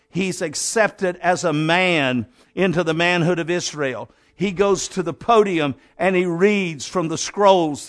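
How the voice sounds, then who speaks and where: A man preaching a sermon with fervor, calling his listeners "my friend" and acting out the people in his story. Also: high voice. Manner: fervent, addresses listeners as "my friend", acts out Bible characters.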